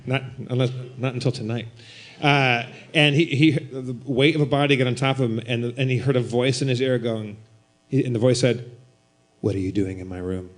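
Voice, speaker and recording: A man telling a comedic ghost story on stage at a live show, animated and breaking into loud shouted outbursts. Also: mid-range voice, normal speed. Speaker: guest storyteller.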